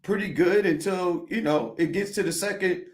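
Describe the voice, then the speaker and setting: High-voiced man giving football analysis. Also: moderate pace. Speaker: guest sports commentator. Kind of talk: casual sports talk.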